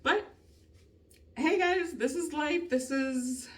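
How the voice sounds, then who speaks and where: Woman vlogger, fairly high voice, rambling and profane, laughs a lot, sits back from the mic. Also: takes it slowly, far from the mic. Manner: rambling, heavy swearing, frequent nervous laughter. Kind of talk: casual venting vlog.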